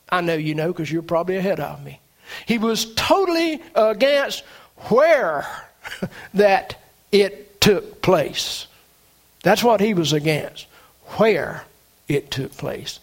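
A man preaching a sermon, animated, with dramatic swings in pitch and loudness.

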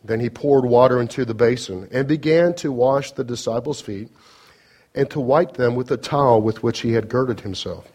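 A man's voice: medium pitch, normal speed, a little mellow, breathy edge. A man pastor reading scripture in a sermon with brief asides, then leading a prayer to a congregation.

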